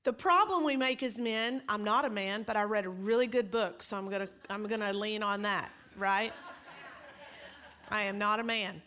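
A woman pastor giving a conversational sermon, lively and joking as she tells stories on herself. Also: medium pitch, normal speed. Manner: lively, joking, self-deprecating storytelling.

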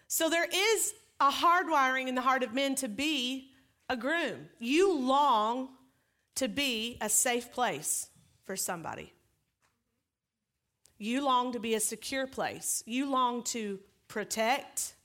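Brief: woman pastor with a bright, highish voice, preaching casually with self-deprecating humor. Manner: lively, joking, self-deprecating storytelling. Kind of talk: conversational sermon.

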